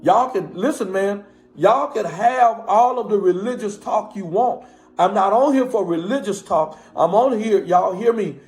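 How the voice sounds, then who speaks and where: Pastor, male, high voice, passionate live-stream sermonizing with call-outs to the audience, faint music behind. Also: unhurried, a little mellow. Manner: preaching cadence, repeatedly calling on listeners. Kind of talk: impassioned live-stream talk to viewers.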